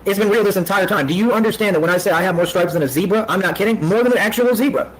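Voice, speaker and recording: A man's voice: sits high, very fast, fairly bright tone, slight background noise, low-quality recording. A man in a combative livestream rant, boastful and full of street slang. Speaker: streamer.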